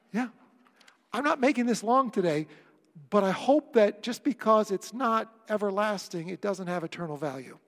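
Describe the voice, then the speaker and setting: A man's voice: high-pitched, lively intonation, normal speed. A male pastor preaching a sermon, earnest and emphatic, with wry asides to the congregation. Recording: long reverb of a church hall.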